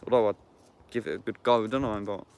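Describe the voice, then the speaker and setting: A man's voice: lowish voice, steady tone, fast talker, creaky, a little mellow. A young man from Epsom, chatting casually to his livestream viewers, slangy and sweary, tagging bruv onto everything. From Epsom, England. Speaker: YouTuber talking to viewers.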